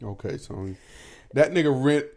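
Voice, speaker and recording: Male podcast co-host, lively pitch, casual and profane, laughs a lot. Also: a little slow. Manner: animated, profane, laughing often. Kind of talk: casual chat. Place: at home.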